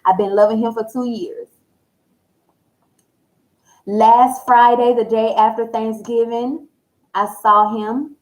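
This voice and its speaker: High-pitched woman tarot reader, chatty and blunt, spills her business straight to the camera. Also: slow pace, long pauses, poor audio. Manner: frank, animated, colloquial; confiding, addresses listeners directly. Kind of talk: casual personal talk to viewers.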